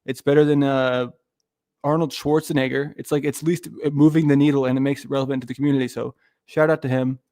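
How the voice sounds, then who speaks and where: A man's voice: medium pitch, flat delivery, fast talker, warm tone, dry recording, studio quality. A man hosting a livestream, rambling through casual commentary with lots of swearing and restarts. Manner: rambling, profane, loses his thread. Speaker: streamer host.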